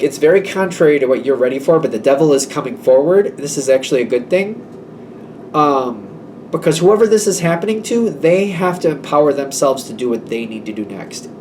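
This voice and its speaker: Heard through a distant mic with a slight hiss or hum, this man's voice sits on the high side and sounds a little mellow. He's a chatty tarot reader who rambles through his reading and plays out small conversations between people.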